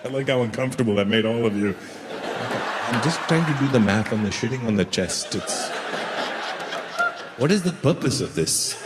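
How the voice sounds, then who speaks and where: Animated and mid-range, a man delivers a crude comedy story at normal speed, playing both characters in the exchange, with background noise present. The setting is a large live venue with a laughing crowd, recorded in a roomy, echoing hall with faint ambience.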